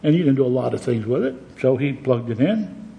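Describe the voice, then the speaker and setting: A man's voice: mid-range voice, big pitch swings, brisk, creaky, muffled recording, a little hiss or hum. A man preaching a sermon as pastor, earnest and plain-spoken, with conversational asides to his congregation.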